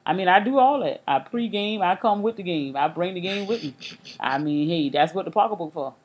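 A woman's voice: lowish voice, expressive, brisk. A woman co-hosting a casual podcast, opinionated and matter-of-fact. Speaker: podcast co-host.

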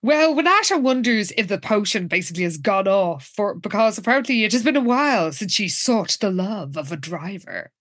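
Woman co-host, casual, wry recap narration, lively. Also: medium pitch, brisk, few pauses, dry recording. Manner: wry, narrates plot beats with dry asides. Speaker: podcast co-host.

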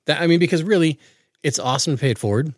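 A man's voice: on the high side, racing, no echo, clean studio sound. A man co-hosting a podcast, chatting casually and enthusiastically. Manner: enthusiastic, lively interjections. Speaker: podcast co-host. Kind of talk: casual chat.

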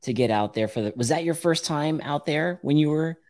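A man's voice: on the high side, fairly quick, darkish tone. A man hosting a casual podcast chat, laughing often and asking easygoing questions. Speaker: podcast host.

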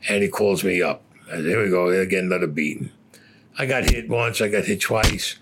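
Deep-voiced and fairly quick, an older man from Brooklyn, New York tells blunt, profane stories about his past as an interviewee, with background noise behind him. He swears constantly and acts out what people said.

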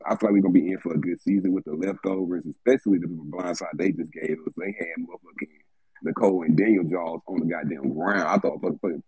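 A man's voice: deep voice, a little mellow, husky, no room sound, poor audio. A man in a live audio chat giving a rambling, profane reaction to a reality show, repeating words as he goes.

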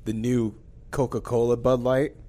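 A man co-hosting a casual podcast chat, telling a long story in an animated way and acting out the voices of the people in it. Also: mid-range voice, normal speed. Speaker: podcast co-host.

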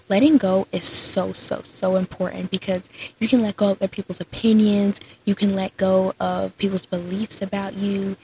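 A young woman talks through her solo podcast in a chatty, upbeat way, filling her sentences with "like" and "so". Her mid-pitched voice has a gravelly, creaky edge, and faint noise hums under the recording. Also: dark tone, poor audio. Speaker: podcast host. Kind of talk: casual solo podcast chat.

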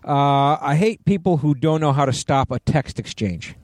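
A man's voice: a little high, moderate pace, darkish tone, dry recording. A man in his forties co-hosting a casual podcast chat, blunt and dry, swearing casually. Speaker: podcast co-host.

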